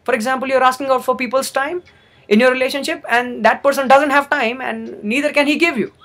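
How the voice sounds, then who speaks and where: A man's voice: very high-pitched, fairly even intonation, fairly quick, fairly bright tone. A young man giving an earnest motivational talk, repeating phrases for emphasis. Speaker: motivational speaker. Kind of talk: motivational monologue.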